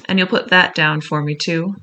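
Silver, a wily one-legged pirate cook, as a reader puts him on. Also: male voice, fairly high pitch, fairly even intonation, moderate pace, pushed and bright. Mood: pleading. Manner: rough seafaring speech, pleading then bold.

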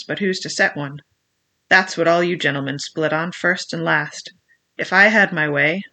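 A reader doing Long John Silver, gruff scheming pirate. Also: mid-range voice, pushed and bright. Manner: gruff, persuasive, menacing. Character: ruthless scheming old male pirate cook. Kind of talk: audiobook reading.

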